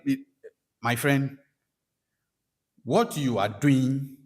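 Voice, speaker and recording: Man, Ghanaian English accent, husky, lively pitch, testimony storytelling. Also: takes it slowly, pauses often. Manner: animated storytelling, acts out quoted voices. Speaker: spiritual practitioner and speaker. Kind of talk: personal testimony talk.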